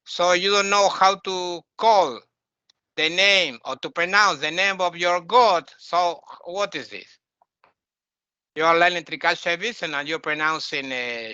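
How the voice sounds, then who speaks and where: A man's voice: a little high, expressive, measured pace, pushed and bright, no room sound. A man teaching a lesson, emphatic, repeating and correcting words again and again. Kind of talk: lecture on Sanskrit texts. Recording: dull lo-fi recording.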